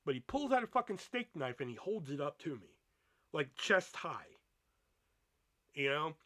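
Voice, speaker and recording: A man's voice: on the high side, normal speed, no echo. A young man hosting a podcast, telling a rambling story with a lot of swearing. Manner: profane, rambling, animated storytelling. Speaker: podcast host. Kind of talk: casual storytelling monologue.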